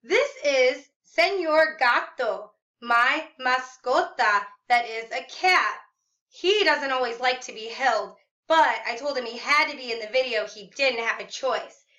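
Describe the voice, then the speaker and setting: Bright, high-voiced woman teaching slowly. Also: animated. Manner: slow, exaggerated, sing-song modeling of words; encouraging, praises often. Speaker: Spanish teacher. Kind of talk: video lesson, call-and-repeat drills.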